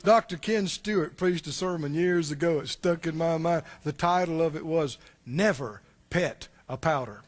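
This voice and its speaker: A male pastor preaching a sermon, animated and full of rhetorical questions. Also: fairly high pitch, normal speed, few pauses.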